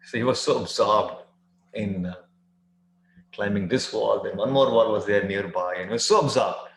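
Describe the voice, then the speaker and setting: A man giving a devotional scripture talk, earnest, with many "uh" pauses and emphatic rising phrases. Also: on the low side, fairly bright tone, roomy sound, slight background noise, low-quality recording. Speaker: scripture teacher.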